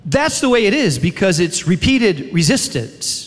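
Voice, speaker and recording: In a large, reverberant chapel hall, a man gives a sermon in a high, animated voice marked by sharp rises and drops. He leans on repeated refrains and long dramatic pauses to press his points.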